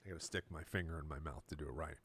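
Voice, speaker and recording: A male musician and producer chatting casually on a live stream from his recording studio, relaxed and explanatory. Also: rumbling low, racing, no echo.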